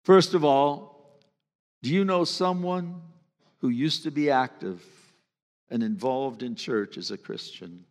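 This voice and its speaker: A pastor giving a sermon in a church, talking in an earnest, conversational way that sometimes drops to a hush. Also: male voice, mid-range voice, slow, pauses often. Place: church sanctuary. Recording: long reverb of a church hall.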